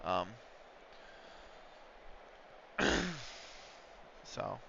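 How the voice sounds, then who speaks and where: A man who lives in the United States live-streams a football management game, drawing out his words as he rambles through casual banter between play-by-play calls. Heavy background noise sits under the dull lo-fi stream audio.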